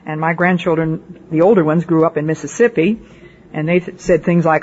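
A woman's voice: deep voice, fairly even intonation, fairly quick, a little mellow, husky, muffled recording. An older woman, a missionary, giving a personal testimony sermon and telling stories with rhetorical questions to her listeners. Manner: storytelling with rhetorical questions to the audience. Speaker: missionary speaker.

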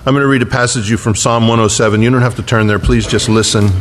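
A man's voice: mid-range voice, steady tone, fast talker, a little hiss or hum. A man preaching a sermon as pastor, telling the story with humor and acting out the voices of the people in it.

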